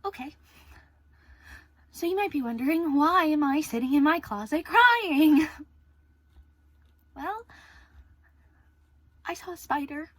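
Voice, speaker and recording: A woman's voice: high voice, animated, takes it slowly, long pauses, no room sound. An actress playing a young woman alone in lockdown and terrified of a spider, venting and swearing in a frazzled stage monologue. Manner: frazzled, swearing, venting, drops to near whispers.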